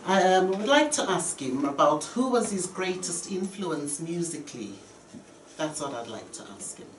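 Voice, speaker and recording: A woman's voice: sits low, big pitch swings, normal speed, a little hiss or hum. A woman guest poet speaking earnestly and reflectively in a casual radio chat. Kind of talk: casual chat, reciting poetry. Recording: roomy, distant, faint ambience.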